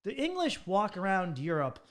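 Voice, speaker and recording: Chatty, joking American man with a fairly high voice. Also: huge pitch swings, moderate pace, a bit bright. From United States. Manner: joking and chatty, swears and acts out quoted voices. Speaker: podcast host. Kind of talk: casual podcast conversation.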